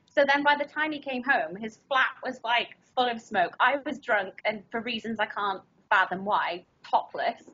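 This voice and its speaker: A young woman tells her stories in loose, chatty podcast talk, laughing often and acting out the quotes. Her voice sits a little high, with a breathy, husky edge. The recording is muffled and lo-fi. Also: moderate pace, hardly any pauses, pushed and bright. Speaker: podcast co-host. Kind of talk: casual storytelling chat.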